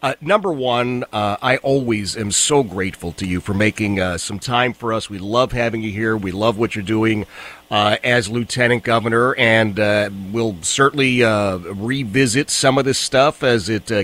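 A male radio host talks in an easygoing, affable way, agreeing readily and filling pauses with small hesitations. His voice sits at an ordinary middle pitch. He sounds relaxed and conversational. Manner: affable, agreeable, frequent fillers. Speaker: radio talk show host. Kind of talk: casual political radio chat.

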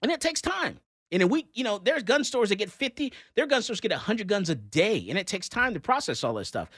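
A man hosting a radio talk show, ranting in a casual, animated way with lots of fillers, recorded on a close studio mic. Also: high-pitched, a little fast, breathy edge, dry recording. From Texas. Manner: animated, exasperated rants with many fillers.

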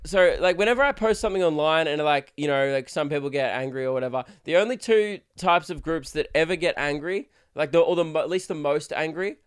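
Young male podcast host, crude and rambling, laughs a lot, raised pitch. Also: clear, resonant tone. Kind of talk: casual solo podcast rant.

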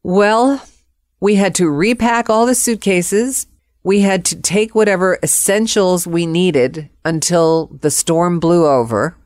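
A woman telling a personal story in a vivid, expressive way, acting out the quotes. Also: fairly low pitch, slow pace, no echo, studio quality.

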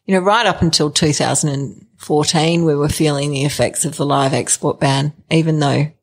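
A woman's voice: deep voice, fairly even intonation, moderate pace. A middle-aged woman telling her own story in an interview, hesitant, with many fillers and restarts. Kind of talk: candid personal storytelling.

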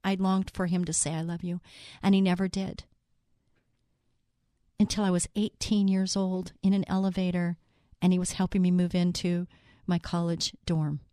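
A woman hosting a faith talk show, speaking in an earnest, personal way, quoting scripture and slowing down to stress key words. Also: fairly low pitch, little pitch movement, warm tone, no room sound, clean studio sound. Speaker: show host.

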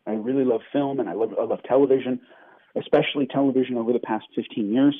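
A man who grew up in New York, an actor being interviewed, joking about himself and halting with fillers. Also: medium pitch, fairly even intonation, no room sound. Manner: self-deprecating, joking, halting with many fillers. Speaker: actor guest. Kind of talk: casual interview chat. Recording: tinny phone-line sound.

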